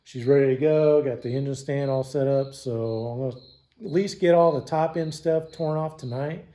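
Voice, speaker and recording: A man talks casually to his viewers from his home garage. He swears freely and slips in dry sarcasm. His pitch sits in an ordinary middle range. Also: moderate pace, dark tone. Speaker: DIY mechanic vlogger.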